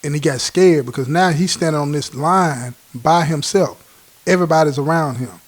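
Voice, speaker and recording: High-voiced man spinning a street story. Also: moderate pace. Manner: street slang, acts out quoted dialogue; animated, laughs at his own story. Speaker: host telling his own prison stories. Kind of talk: casual spoken storytelling.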